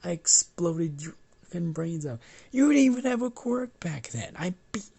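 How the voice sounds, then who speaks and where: A man voicing a hot-tempered, foul-mouthed teenage boy, pitched up and loud. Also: unhurried, lightly acted. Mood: angry. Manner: raised pitch, louder, swearing.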